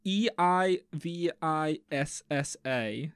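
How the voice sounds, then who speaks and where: A man in his thirties co-hosting a podcast in casual, joking chat, swinging between loud bursts and mumbles. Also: a little high, very slow, clean tone, no echo, clean studio sound. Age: 30s. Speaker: podcast co-host.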